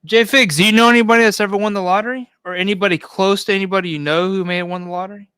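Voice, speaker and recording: A man with a high, bright-pitched speaking voice bantering loosely on a live stream, swearing offhandedly and riffing on jokes. The sound is dry and close, with no room around it. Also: steady tone, racing, smooth, dry recording. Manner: loose, profane, joking, reads chat aloud.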